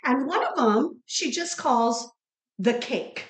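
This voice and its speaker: A woman's voice: sits high, animated, slow pace, reverberant. A middle-aged woman co-hosting a podcast in a casual, playful chat, often laughing. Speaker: podcast co-host.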